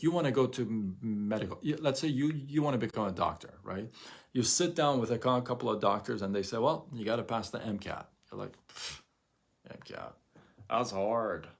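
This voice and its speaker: Male livestream host, mid-range voice, animated and rambling in casual motivational talk. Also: mid-range voice, vocal fry, husky. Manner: animated, rambling, repeats himself, acts out quotes. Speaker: live show host.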